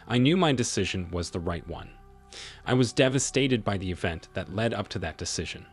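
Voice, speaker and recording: Man, story narration, wry and bitter, husky low voice, animated delivery. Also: fairly quick, soft background music. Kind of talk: first-person story narration.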